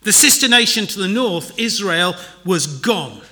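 A man's voice: high voice, animated, measured pace, bright, forceful tone. A man giving a chatty church sermon and notices, with wry, self-deprecating asides. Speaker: preacher.

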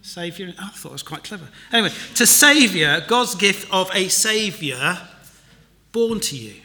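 A man's voice: on the high side, bright, forceful tone. A man giving a chatty church sermon and notices, with wry, self-deprecating asides. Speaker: preacher.

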